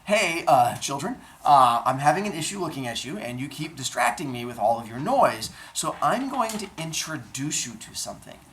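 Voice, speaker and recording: A woman's voice: sits low, sing-song, normal speed, hardly any pauses, a bit bright, a little hiss or hum. A woman voicing Father Sky as a blunt, squeamish, grumpy father god in comic storytelling. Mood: annoyed. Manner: blunt, fussy, complaining.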